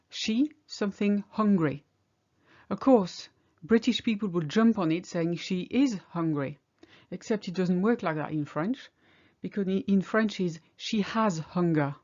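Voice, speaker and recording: A woman's voice: on the low side, a little mellow, muffled recording. A woman teaching a language lesson, patiently explaining each example step by step. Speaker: French teacher.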